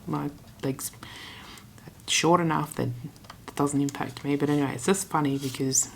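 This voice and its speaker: A young Australian woman chatting casually in a travel vlog, retelling her conversations with quick asides. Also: sits low, fairly even intonation, creaky. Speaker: travel vlogger.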